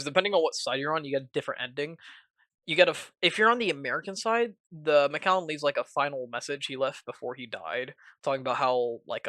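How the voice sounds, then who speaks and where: A man's voice: medium pitch, bright, forceful tone, no echo. A male student narrating a casual video essay, rambling and joking with lots of filler words. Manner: rambling, jokey, heavy use of filler words.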